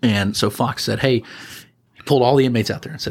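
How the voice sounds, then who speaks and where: A man, a former prison officer, telling animated anecdotes on a podcast and chuckling as he acts out what people said. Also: medium pitch, fast, slightly rough. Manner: animated, chuckling storyteller who acts out quotes. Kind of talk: casual anecdote storytelling.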